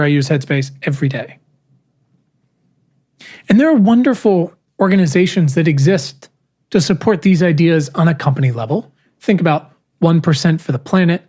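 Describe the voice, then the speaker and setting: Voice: medium pitch, a little mellow. A podcast host reading their own essay aloud in an earnest, emphatic way, with casual wry asides.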